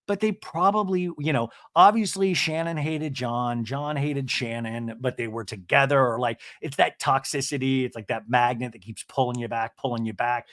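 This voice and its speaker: A man hosting a podcast, recapping a reality TV episode in a gossipy, profane, self-mocking way. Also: mid-range voice. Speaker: podcast host.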